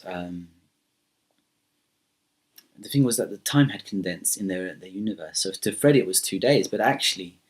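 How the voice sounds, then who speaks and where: A man's voice: lowish voice, husky. A man telling an improvised myth casually, rambling with many fillers and restarts. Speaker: storyteller. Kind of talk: improvised spoken storytelling.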